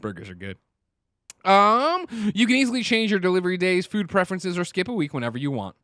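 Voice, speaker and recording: Lively man reading a podcast ad. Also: high voice, fairly quick, no echo. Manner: playful, animated ad-read with slips. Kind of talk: casual podcast banter.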